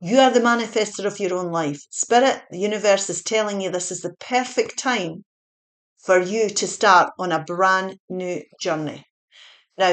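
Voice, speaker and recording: Earnest woman giving a tarot reading. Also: mid-range voice. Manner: earnest, repetitive, encouraging, with fillers. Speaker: tarot reader.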